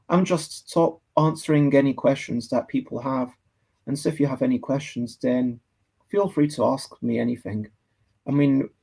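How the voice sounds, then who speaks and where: A Scottish man talks unhurriedly as he sketches for his livestream viewers, thinking aloud and answering chat comments along the way. His voice is gravelly and a little husky, with a warm, dark tone. He meanders gently from one idea to the next. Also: fairly high pitch. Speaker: livestreaming artist. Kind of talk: casual chat while drawing.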